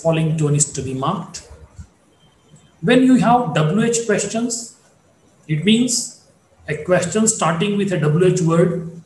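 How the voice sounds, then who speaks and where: Slow, deliberate lecturer. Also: male voice, on the high side, reverberant, slight background noise, rough recording. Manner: slow, deliberate, repeats points for students. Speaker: phonetics lecturer. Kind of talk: recorded online lecture.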